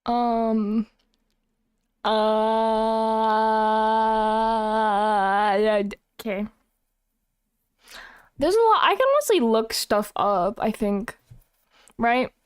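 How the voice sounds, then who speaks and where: A woman's voice: fairly high pitch, animated, slow pace, pauses often, dry recording, studio quality. A young woman streaming live, chatting casually and playfully teasing her chat. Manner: playful, teasing, self-mocking.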